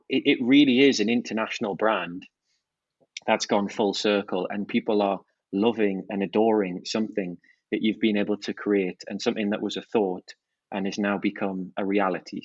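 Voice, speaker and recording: A man's voice: lowish voice, no room sound. Male guest, enthusiastic founder, dry and slightly dull recording. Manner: enthusiastic, fluent product talk with restarts. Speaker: watch brand founder, guest. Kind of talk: podcast interview.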